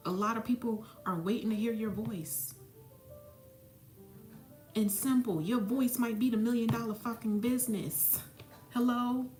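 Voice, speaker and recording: A woman who works as a spiritual mentor and psychic medium gives a blunt, profane, preachy motivational talk. Her voice is slightly high and darkish with fairly even intonation, a little slow with frequent pauses, in an echoey room with faint music behind.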